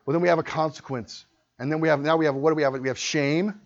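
Guy preaching a sermon, goes quiet then loud, kinda high voice, dull lo-fi sound. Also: lively intonation, fast. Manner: impassioned, swings from hushed to loud. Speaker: pastor.

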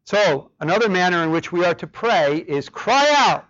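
A man preaching a sermon with passion, his voice rising to loud cries on key words. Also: high-pitched, lively intonation, moderate pace. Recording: dull lo-fi sound.

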